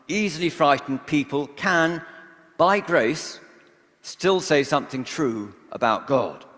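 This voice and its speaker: A vicar giving a measured, reflective sermon in a church, pausing often between phrases. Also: male voice, fairly high pitch, a bit bright. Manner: measured, reflective preaching with pauses. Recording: long church reverb.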